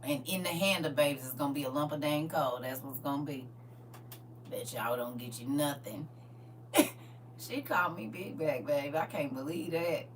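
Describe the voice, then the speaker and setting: A middle-aged woman hosting a livestream, telling family stories in a lively, laughing, colloquial way. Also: low voice, normal speed. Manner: animated, laughing, colloquial storyteller who talks straight to viewers. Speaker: livestream host. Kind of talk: casual storytelling chat. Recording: distant mic with faint hum.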